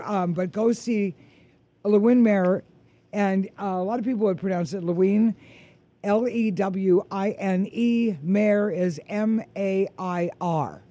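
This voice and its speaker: A woman's voice: medium pitch, mellow. A woman hosting a golf radio show, chatting casually with many fillers and hesitations. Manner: hesitant, filler-heavy, enthusiastic. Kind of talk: casual interview chat.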